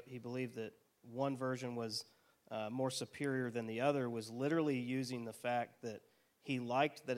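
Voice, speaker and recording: A mid-pitched man tells a story in casual discussion. He hesitates and restarts his sentences often. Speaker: co-host of a Bible study podcast.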